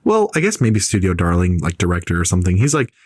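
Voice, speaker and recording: Man, podcast host, low voice, dry close mic, rambling casual chat. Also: wildly swooping pitch, fast talker, a little mellow, dry recording. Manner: talkative, rambling with many fillers.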